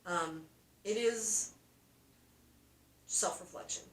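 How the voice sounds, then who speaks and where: Reflective woman, distant roomy mic. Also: mid-range voice. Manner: reflective, unhurried, encouraging. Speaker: podcast co-host. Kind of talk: casual spiritual chat.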